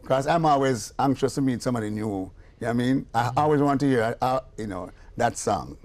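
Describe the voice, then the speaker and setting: An older Jamaican-accented man, a musician and producer, tells stories in a casual interview, speaking a little fast with few pauses in a mid-range voice. He's an animated storyteller who acts out the voices and dialogue in his tales.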